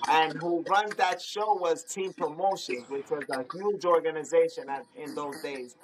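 A man's voice: a little high, normal speed, rough recording. A man telling a story in a slangy, streetwise way, acting out the quotes. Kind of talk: animated storytelling.

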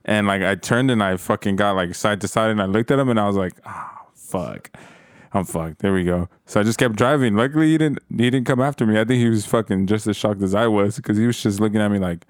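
A young man with a low voice spins a profane, rambling story among friends, often restarting his sentences. The sound is close and dry, with no room around him. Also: fairly even intonation, fast, few pauses, clean tone, no room sound. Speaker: storyteller in a group chat. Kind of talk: casual chat.

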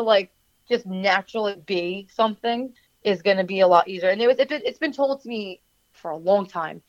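A woman's voice: mid-range voice, normal speed, dry recording, lo-fi sound. A woman from New Jersey with a New Jersey accent, a wrestler and manager who answers in a rambling, chatty way full of fillers and restarts. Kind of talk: casual interview answers.

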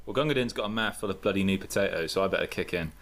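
A man's voice: sits low, very fast, fairly bright tone. A man co-hosting a casual podcast, chatty and jokey, gushing as he talks. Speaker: podcast co-host.

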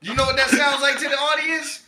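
A man in casual chat, excitable and exclaiming, repeating himself as he talks. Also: very high-pitched, fairly quick. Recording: echoey room with noticeable noise.

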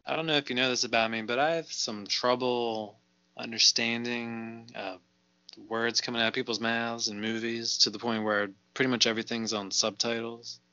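A man's voice: mid-range voice, flat delivery, normal speed, bright, forceful tone, smooth, no echo, lo-fi sound. A man co-hosting a casual movie podcast, laughing often and reading out figures with fillers. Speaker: podcast co-host.

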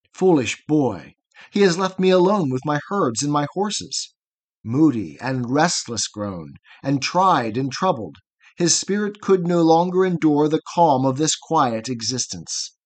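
A man's voice: a little high, very animated, a little slow. A man reading as a hearty, fatherly old herdsman. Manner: blithe, fatherly. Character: hearty older male herdsman, cheerful and reassuring. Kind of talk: verse read aloud.

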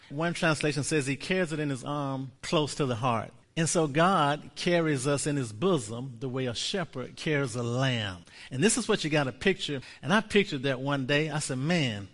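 A man preaching a sermon, leading the congregation in slow, emphatic spoken confessions and building to loud, fervent passages. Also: fairly high pitch. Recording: long hall reverb.

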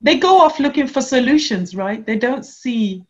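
A woman co-hosting a conversational podcast as a couples therapist, talking in an animated way and acting out her clients' voices. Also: fairly high pitch, normal speed. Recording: lo-fi muffled remote audio.

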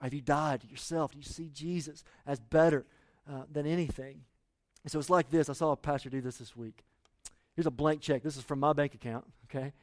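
A male pastor preaching a sermon in a conversational way, full of rhetorical questions and swinging between loud pleas and quiet asides. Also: a little high, steady tone, fairly quick, no echo, studio quality.

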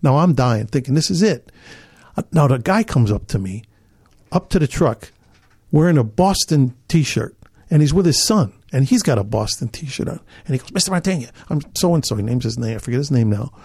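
An older man from Chicago, a podcast guest telling an animated story, acting out other people's lines and laughing as he goes. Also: medium pitch, moderate pace, vocal fry, breathy edge, dry recording, clean studio sound. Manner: acts out other people's lines, repeats himself, laughs as he talks.

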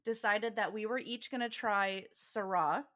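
Bright, lively young woman telling stories. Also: mid-range voice, a little slow. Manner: animated storyteller, laughs often, acts out quoted voices. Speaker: podcast co-host. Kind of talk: casual chat.

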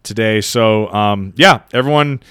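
A man co-hosting a casual podcast, chatting and telling stories with quick laughs. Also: lowish voice, smooth, dry recording. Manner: quick, laughing, animated storytelling. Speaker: podcast co-host.

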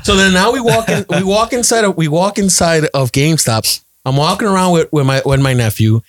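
A man telling a family story in a casual chat, animated and repeating phrases as he acts out quotes. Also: sits high, fairly quick. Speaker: podcast guest, storyteller.

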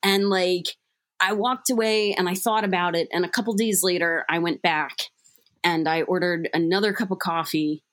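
A woman's voice: fairly low pitch, steady tone, normal speed, a bit bright. A young adult woman sharing a candid recovery story in casual, self-deprecating talk full of fillers.

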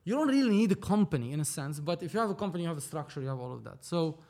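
Animated storytelling film producer, a man. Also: fairly high pitch, racing. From Lebanon. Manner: animated, acts out dialogue, swears casually. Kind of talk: casual storytelling interview.

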